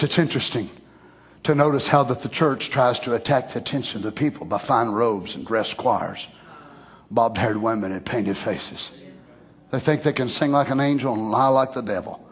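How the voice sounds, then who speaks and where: A man's voice: medium pitch, breathy edge. A middle-aged man preaching a sermon in a folksy, conversational way that swells into emphatic exclamations. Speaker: pastor.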